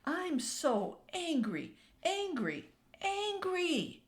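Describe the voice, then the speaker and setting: A woman voicing a small, easily frustrated boy in a storybook, raising her voice higher and childlike. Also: very animated, normal speed. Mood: angry. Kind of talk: storybook reading.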